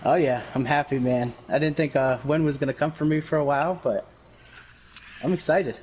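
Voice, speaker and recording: A man interviewed as the winning driver of a sim race, excited and casual. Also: a little high, moderate pace, slight background noise.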